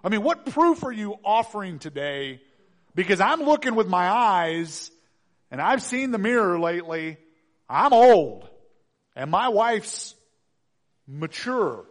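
A man's voice: high voice, big pitch swings, moderate pace, a bit bright. A man voicing an anxious, doubting old priest who stammers between pleading and disbelief. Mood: incredulous.

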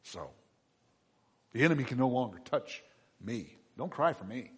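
Husky-voiced pastor preaching in a hall. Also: male voice, medium pitch, big pitch swings, normal speed. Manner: dramatic, swings from hushed to shouting. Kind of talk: sermon. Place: church. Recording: long reverb of a large hall.

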